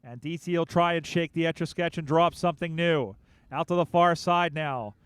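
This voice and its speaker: A man calling a live field game, his voice a little high and smooth with a clean, crisp tone. He talks in quick, excited bursts when the play picks up, with a level, fairly steady melody. The sound is close and dry, with no room around it. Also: no echo. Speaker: play-by-play commentator. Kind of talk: live sports commentary. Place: outdoor sports field broadcast.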